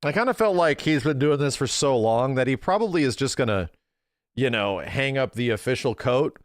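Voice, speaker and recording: Excitable male streamer, dry close sound. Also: medium pitch, smooth, no room sound. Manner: excitable, talks to his chat, laughs easily. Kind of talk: casual live-stream chat.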